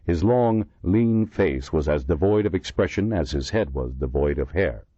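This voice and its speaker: A deep-voiced man narrating an audiobook with a lively, expressive pitch. The recording is dry and close, slightly dull and lo-fi. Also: husky, no room sound. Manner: measured storytelling with many voices. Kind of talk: scripted narration.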